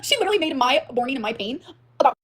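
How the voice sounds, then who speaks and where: A woman's voice: high voice, very animated, very fast, a bit bright, a little hiss or hum. A woman ranting dramatically in a vlog, swearing often and telling a heated personal story. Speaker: streamer in a clip being reacted to.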